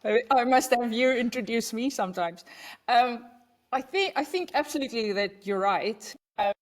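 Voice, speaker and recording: A woman co-hosting a podcast, chatty and warm in casual conversation. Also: fairly high pitch, animated, moderate pace.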